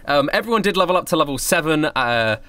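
A man running a streamed tabletop game as game master, laughing often and talking in an animated way. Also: a little high, fast talker, background noise. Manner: giggly, animated.

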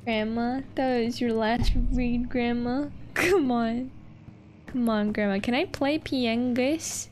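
Young woman, high voice, slow, playful, swears, giggles, gameplay chat. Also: steady tone, a little mellow, slight background noise. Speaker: streamer. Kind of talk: casual gameplay commentary.

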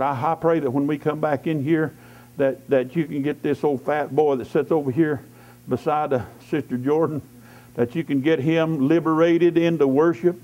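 A man's voice: a little high, fairly even intonation, moderate pace, dark tone. A man preaching an evening church sermon as a lay preacher, fervently repeating declarations and breaking in with hallelujahs. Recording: dull lo-fi church service recording.

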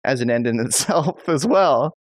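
A man's voice: mid-range voice, expressive, moderate pace, dry recording. A man hosting a podcast interview, enthusiastic and thinking aloud with lots of fillers. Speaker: podcast host. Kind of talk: conversational interview.

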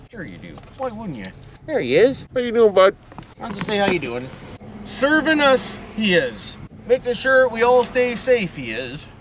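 A man's voice: high-pitched, a bit bright. A man with an Ontario Canadian accent talks in a rambling driving vlog, tagging his lines with "it is" and "boys". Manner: rambling, tags lines with "it is", "boys", "friggin' right". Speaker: vlogger. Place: inside a van, driving with a window open. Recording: windy, from a distance in a car.

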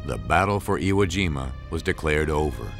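A man narrates a history documentary in an extremely deep, low voice. His delivery is measured and solemn, and music plays clearly underneath him. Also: animated. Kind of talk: scripted narration.

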